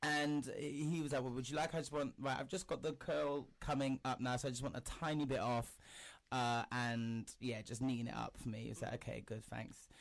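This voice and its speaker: A young man tells a story in casual chat. His voice sits at a middle pitch and he slips into other people's voices as he quotes them. His talk is loose and full of swearing. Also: level tone, moderate pace, gravelly.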